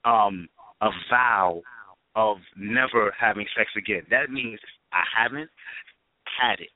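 A man's voice: fairly low pitch, a little slow, no echo, narrow, tinny audio. A man co-hosting a radio talk show, trading playful jokes in casual chat. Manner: joking, playful banter.

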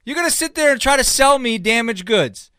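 A man's voice: very high-pitched, lively intonation, brisk, pushed and bright, clear, resonant tone, dry recording, studio quality. A man co-hosting a casual sports podcast, sarcastic and incredulous. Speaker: podcast co-host.

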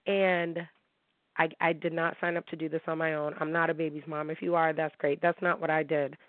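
A woman's voice: low-pitched, flat delivery, normal speed, no room sound. A woman from upstate New York hosting her own talk show, telling her listeners about her divorce in a candid, heated way and often asking if they understand. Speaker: podcast host. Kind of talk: emotional personal monologue to listeners. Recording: thin phone-like dry recording.

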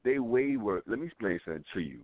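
A man's voice: fairly low pitch, sing-song, fast, no room sound. A man co-hosting a call-in talk show, blunt and repetitive, talking in street slang. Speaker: co-host. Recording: tinny phone line.

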